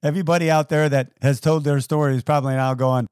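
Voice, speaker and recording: A man's voice: a little high, fairly even intonation, fast, a little mellow, smooth, dry recording, clean studio sound. A man hosting a podcast interview in an easygoing, conversational way. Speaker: podcast host. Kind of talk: casual interview chat.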